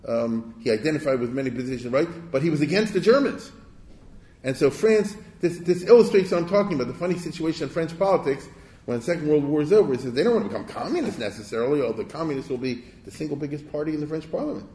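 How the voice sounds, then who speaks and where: Male lecturer, mid-pitched, chatty and digressive, keeps asking "you see?", echoey lecture hall. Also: a little mellow. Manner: conversational, with rhetorical check-ins; digressive, with restarts. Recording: echoey room.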